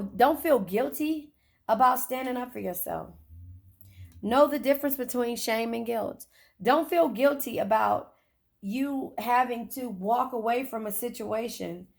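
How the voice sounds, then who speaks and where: Gravelly-voiced woman giving a blunt tarot reading. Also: on the high side. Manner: blunt, profane and chatty, talking straight to viewers. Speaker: tarot reader. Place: in a car.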